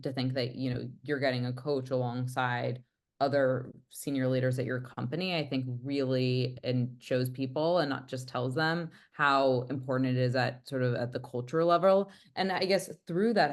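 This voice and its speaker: A woman hosting an interview who speaks casually and often affirms her guest with "yeah.". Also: a bass voice. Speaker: interviewer, host.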